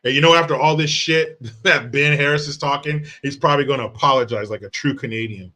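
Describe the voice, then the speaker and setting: A man runs a live stream from the United States and reacts to chat in a brash, mocking, profane way. His mid-range voice is fast and sharp-toned.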